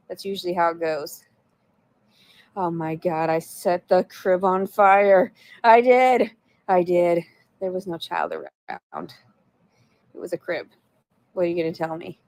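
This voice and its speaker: A woman's voice: on the low side, a little slow, long pauses, no echo. A woman chatting on a livestream, answering viewers in a blunt, profane, rambling way. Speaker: livestreamer reading chat. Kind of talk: casual livestream chat.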